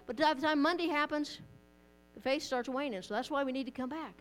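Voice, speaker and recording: A woman preaches a sermon in a church, her voice set a touch high. She talks in a plain, conversational way, often doubling back on her words. A low mains hum sits under the recording. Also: brisk. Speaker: pastor.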